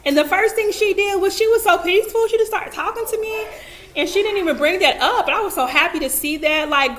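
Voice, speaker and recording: Very high-pitched and a bit bright, a young adult woman's voice moves fairly quickly over slight background noise. In her vlog, she offers casual, emphatic advice to camera, repeating herself and talking to herself in asides.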